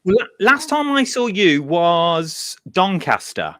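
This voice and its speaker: A man's voice: sits high, very animated, slow, sharp tone. Chatty man hosting a live chat. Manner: chatty, jokey, reads out viewer greetings. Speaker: host. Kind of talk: casual live-stream chat. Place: home makeshift studio.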